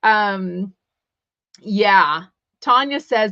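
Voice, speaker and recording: Animated and unhurried, a medium-pitched, slightly bright-voiced woman from Texas hosts a casual celebrity gossip podcast in a Texan accent. She reads live comments aloud and stays chatty and opinionated, with lots of fillers and quoted asides, on a dry recording with dull audio.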